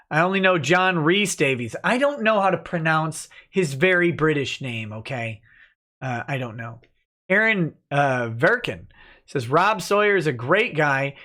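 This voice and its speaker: A man hosting a casual livestream, reading out viewer comments and answering them in a relaxed, joking way, with many "uh" fillers. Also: a little high. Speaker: lawyer and livestream host.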